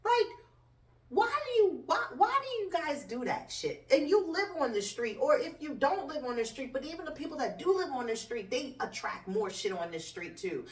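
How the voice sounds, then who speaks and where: A woman's voice: moderate pace, recorded from a distance. A woman hosts her own live show in a blunt, profane comedic rant. She swings her voice up and down as she fires off complaints. She sits some way back from the mic, and the room gives her voice a roomy echo. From United States. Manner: blunt, swearing, animated swings in pitch. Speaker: host.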